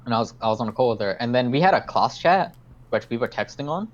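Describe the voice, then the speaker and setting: A man's voice: medium pitch, lively intonation, quick pace, lo-fi sound. A young man hosting a podcast, telling a story in casual chat, rambling, swearing a lot and acting out his own lines. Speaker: podcast host.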